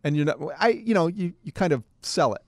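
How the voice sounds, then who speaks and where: A man's voice: high-pitched, expressive, brisk, no room sound, clean studio sound. A middle-aged man co-hosting a casual chat, telling a story animatedly and acting out both sides of a phone call. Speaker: co-host.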